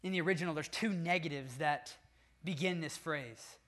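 High-voiced man preaching emphatically. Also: moderate pace, a bit bright. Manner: emphatic, stacks repeated phrases for stress. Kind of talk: expository sermon.

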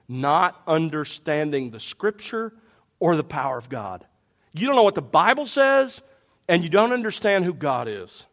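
High-voiced animated male preacher. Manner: animated, rhetorical questions, reads scripture aloud. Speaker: pastor. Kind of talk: expository sermon.

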